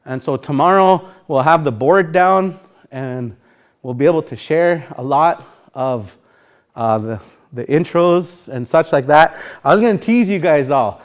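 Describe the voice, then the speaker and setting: A man's voice: a little high, measured pace. Man teaching a live language class. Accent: Sioux Valley Dakota. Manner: informal, rambling, sings phrases to show intonation.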